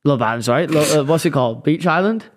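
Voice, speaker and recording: Guy cohost, bit high voice, teasing and joking, jumps in quick. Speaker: podcast co-host. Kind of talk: casual chat.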